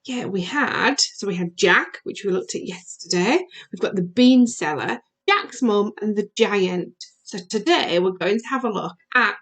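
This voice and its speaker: In a mid-range female voice, a primary school teacher asks questions sing-song style while recording a video lesson aimed at young children.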